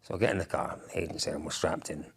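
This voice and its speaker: A man who is a guest on a podcast, telling vivid, excitable stories in casual chat and swearing freely. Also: very deep voice, quick pace, gravelly. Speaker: podcast guest, rally commentator. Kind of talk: animated storytelling in casual chat.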